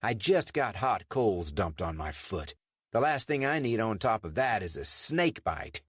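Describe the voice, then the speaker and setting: A man's voice: lowish voice, very animated, a little slow, a bit bright, husky, no room sound, voice pushed up, full character voice. A man voicing a determined young American adventurer in an audiobook, earnest and insistent.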